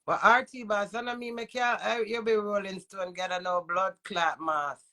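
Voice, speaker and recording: A woman's voice: mid-range voice, fairly even intonation, moderate pace, pushed and bright. A woman with a Jamaican accent and a runny nose, ranting in heated, profane patois. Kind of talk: angry rant to camera.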